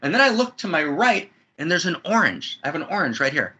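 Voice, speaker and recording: A man's voice: on the high side, sing-song, a little fast, sharp tone, slightly rough. A man speaking as an interview guest in a spiritual conversation, effusive and building to soaring emphatic peaks, talking from a friend's house.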